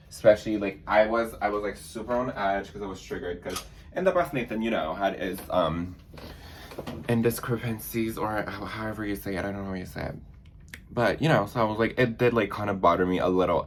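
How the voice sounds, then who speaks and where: A man's voice: lowish voice, a little hiss or hum. A man chatting casually in a sassy, dramatic storytime vlog, full of fillers. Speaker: vlogger.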